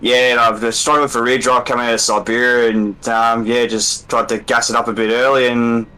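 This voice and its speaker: A racing driver talks casually in a post-race interview, worn out after the race. His voice is bright and forceful, at a middle pitch. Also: brisk, smooth, rough recording. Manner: relaxed, laughing, casual. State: sweaty and worn out.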